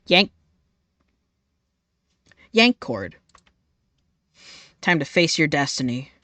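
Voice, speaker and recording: A woman's voice: deep voice, big pitch swings, extremely slow, bright, forceful tone, dry recording. A young adult woman streaming a game live, reading its text aloud in a profane, playful way.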